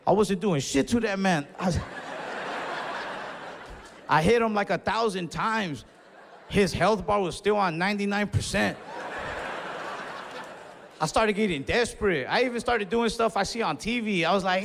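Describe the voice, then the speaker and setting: Male stand-up comic, animated storyteller doing voices, slightly high voice, live hall reverb. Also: normal speed, creaky, a little hiss or hum. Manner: animated, acts out other people in dialogue, laughs mid-story. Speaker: stand-up comedian. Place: comedy stage in a hall.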